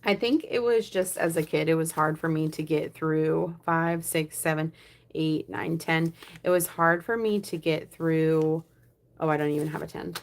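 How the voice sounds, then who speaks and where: Chatty woman counting cash softly. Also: low-pitched, steady tone, moderate pace. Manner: chatty, counts aloud, often drops to a soft murmur. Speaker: budgeting vlogger. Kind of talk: casual chat while counting cash for savings challenges.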